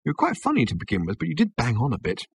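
A dry, unimpressed young woman, as the audiobook reader voices her, quiet and a little breathy. She comments with mild reproach, never raising her voice. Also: mid-range voice, wildly swooping pitch, very fast, voice pushed up, exaggerated voice.

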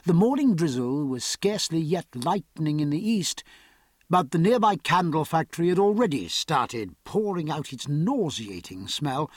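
A man narrating an audiobook chapter, steady and expressive, on a close studio mic. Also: fairly high pitch, dry recording. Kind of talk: scripted narration.

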